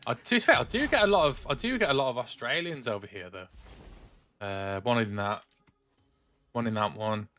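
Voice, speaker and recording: This young streamer from England's Black Country, English accent and all, games at home while chatting in a rambling way full of restarts and filler. His medium-pitched voice is expressive and sharp, at a moderate pace with long pauses, and soft music plays behind him.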